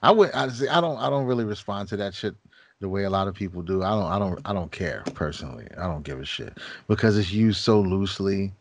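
A man's voice: sits low, animated, fast. A man co-hosting a casual podcast, talking bluntly and with plenty of swearing. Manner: blunt and profane, with short agreements. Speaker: podcast co-host. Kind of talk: casual conversational podcast chat.

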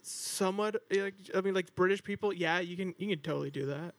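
A man in a casual podcast chat, thoughtful and halting. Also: sits high, fairly bright tone, dry recording.

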